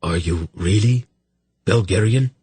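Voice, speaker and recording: A man's voice: on the low side, measured pace, darkish tone, breathy edge. A man voicing a nervous, sly small king with a rat-like face, who talks hastily to placate and then asserts himself stiffly. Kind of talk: audiobook character voice.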